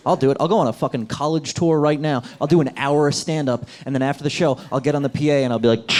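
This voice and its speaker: A male stand-up comedian from New Jersey, brash and profane, jumping into loud shouted bits on stage before a live audience. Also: a little high, quick pace. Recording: live club set with crowd laughter.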